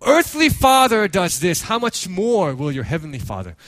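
Lively animated male preacher. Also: high-pitched, normal speed, no room sound. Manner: animated, acts out quotes, frequent "like" fillers. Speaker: pastor. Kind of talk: sermon storytelling.

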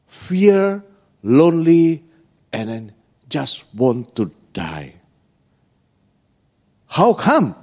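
A man's voice: mid-range voice, darkish tone. A man preaching a sermon as pastor, in broken with frequent checking "yeah?" asides.

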